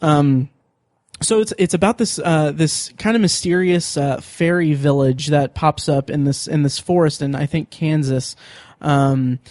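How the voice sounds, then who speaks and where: A man hosting a podcast, chatting casually and excitedly, with many fillers and restarts. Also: fairly high pitch, a little slow, no room sound, studio quality. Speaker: podcast host. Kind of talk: casual chat.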